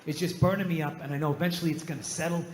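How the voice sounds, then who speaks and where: A man's voice: on the high side, fairly even intonation, very fast, darkish tone. A middle-aged man doing a stand-up comedy set, telling profane, exasperated stories in a ranting way. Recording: live stage recording with hall reverb.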